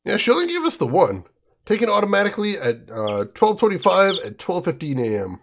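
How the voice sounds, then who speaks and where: A man's voice: high-pitched, wildly swooping pitch, a little fast, creaky, noisy background. A man giving casual, easygoing commentary as he plays a video game. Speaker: let's play streamer.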